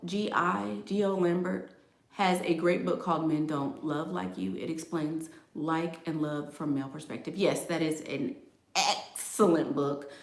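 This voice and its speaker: A woman's voice: low-pitched, a bit bright. A woman hosting a casual advice stream, talking directly and sassily to viewers with laughing asides. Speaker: relationship advice livestream host. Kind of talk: casual chat reading viewer comments. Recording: echoey room.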